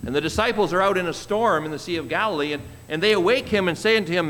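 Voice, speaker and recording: A man preaching a sermon, reading scripture slowly and commenting on it with an easy chuckle. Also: high-pitched, a bit bright, long reverb tail. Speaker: pastor.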